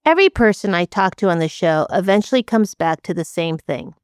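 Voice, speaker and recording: A woman hosting a podcast, reading scripted introductions of her guests in a measured, reflective way. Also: medium pitch, no room sound, clean studio sound. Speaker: podcast host.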